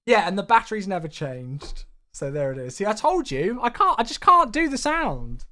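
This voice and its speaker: Man, live-stream chat, animated up-and-down voice, chatty and excitable, a bit worn out. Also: high-pitched, moderate pace. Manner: excitable, chatty, thanks viewers effusively. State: tired. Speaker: flight-sim streamer.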